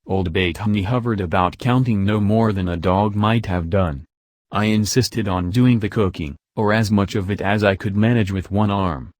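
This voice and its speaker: A man narrating an audiobook in the first person, with an even, unhurried storytelling delivery. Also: on the low side, no echo.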